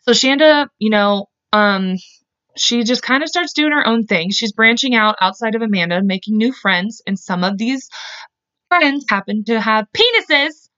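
A woman's voice: fairly high pitch, moderate pace, a bit bright, clear, resonant tone, no echo. A young woman co-hosting a podcast, telling a true-crime story casually, swearing freely and breaking off into asides. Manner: chatty, swears freely, self-interrupting with asides. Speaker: podcast co-host. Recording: muffled lo-fi dry mic.

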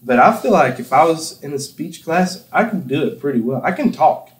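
A man's voice: a little high, lively intonation, moderate pace. Young man telling stories in an echoey room. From Campbell County, Tennessee. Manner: laughs often, rambling anecdotes. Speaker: podcast host. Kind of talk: casual chat, storytelling.

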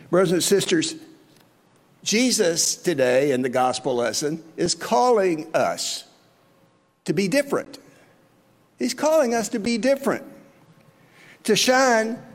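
A man preaching in an earnest sermon, asking his congregation question after question. His voice sits high and swings widely in pitch. Long reverb trails each phrase as if in a large hall. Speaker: pastor.

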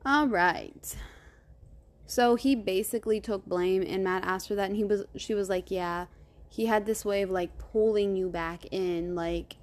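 A woman hosting a true crime podcast, retelling the case in a casual, animated way, cursing freely and acting out the quoted lines. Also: mid-range voice.

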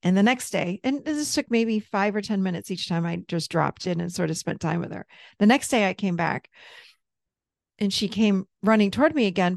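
A middle-aged woman, a therapist and coach, telling a personal story as a podcast guest in a candid, animated way, laughing easily and swearing freely. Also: medium pitch, creaky, dry recording, studio quality. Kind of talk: casual storytelling in an interview.

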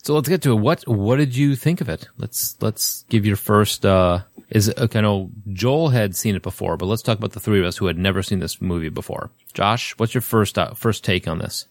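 Middle-aged male podcast host, low voice, dry close sound, chatty trivia reader. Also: brisk, few pauses, dry recording. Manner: reads trivia aloud, chatty, self-deprecating. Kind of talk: casual chat.

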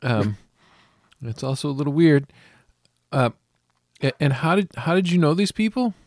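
A man's voice: a little high, expressive, moderate pace, dry recording, clean studio sound. A man playing a skeptical male interrogator who asks probing questions. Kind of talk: improvised tabletop role-play.

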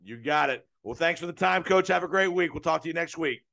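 Male sports-radio host, gravelly voice, fairly high pitch, loose and chatty delivery. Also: brisk, sharp tone. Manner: chatty, loose phrasing, restarts often. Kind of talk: radio talk show interview.

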